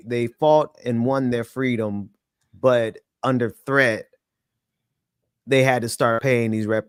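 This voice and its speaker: A man's voice: medium pitch, no echo, clean studio sound. A man co-hosting a podcast, chiming in with questions. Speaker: podcast co-host. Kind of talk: casual opinion talk.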